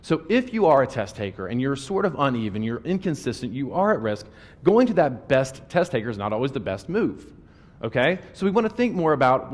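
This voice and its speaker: Animated man lecturing in a reverberant hall. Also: medium pitch. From West Virginia, USA. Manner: animated storyteller, voices quotes. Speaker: test-taking coach. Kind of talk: lecture with anecdotes.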